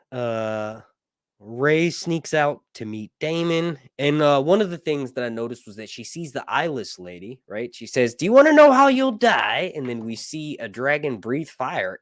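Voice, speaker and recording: Male livestream host, casual rambling reaction talk, middle pitch, dry close sound, cusses and laughs a lot. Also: unhurried, no echo. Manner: rambling, excitable, swears freely, laughs often. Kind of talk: casual live reaction and analysis.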